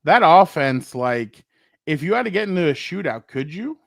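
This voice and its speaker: Animated man telling a sports story. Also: fairly high pitch, moderate pace, gravelly, dry recording, studio quality. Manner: animated storytelling, acts out quotes, profane. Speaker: co-host. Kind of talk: casual sports chat.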